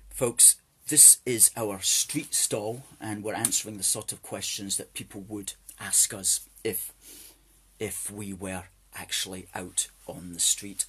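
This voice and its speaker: Husky emphatic Scottish man. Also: fairly low pitch, a bit bright. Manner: emphatic, repeats phrases for stress. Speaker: host. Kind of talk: live-streamed political talk.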